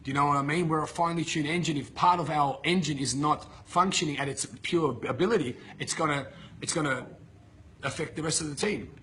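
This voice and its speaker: A man coaching his viewers with a blunt, profane, emphatic rant. His voice sits a little high for a man and has a bright, forceful edge. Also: a little fast, a little hiss or hum. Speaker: motivational coach. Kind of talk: motivational talk to camera. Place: filmed in Bali with a camera operator.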